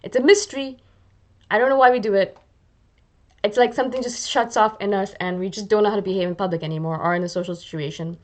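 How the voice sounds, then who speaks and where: A woman's voice: mid-range voice, fairly even intonation, fast. Chatty self-mocking woman vlogger. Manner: chatty and self-deprecating, acts out little quoted asides. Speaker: YouTube channel host. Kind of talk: casual talking-to-camera vlog.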